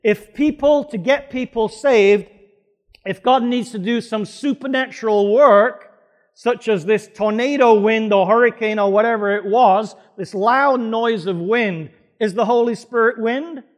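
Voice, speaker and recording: Male pastor, emphatic sermon delivery, quizzes the congregation, fairly high voice. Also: a little slow, long reverb tail. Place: church hall before a congregation.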